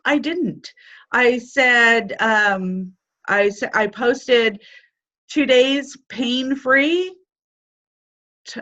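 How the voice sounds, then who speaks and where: Encouraging woman on dull lo-fi audio. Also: a little high. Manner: warm encouraging pep talk. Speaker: team mentor. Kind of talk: casual motivational chat.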